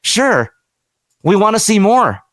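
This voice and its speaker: Higher-voiced male radio host, dry studio sound. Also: big pitch swings, slow, fairly bright tone, dry recording. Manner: conversational, reads listener reactions aloud, gets emotional. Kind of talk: casual radio talk show commentary.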